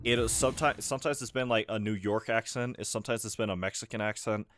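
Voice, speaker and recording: A man's voice: fairly low pitch, fairly even intonation, fast, fairly bright tone, a little hiss or hum. A young man rambling casually while he plays a game and answers chat, chuckling often. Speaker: gaming streamer. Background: game music.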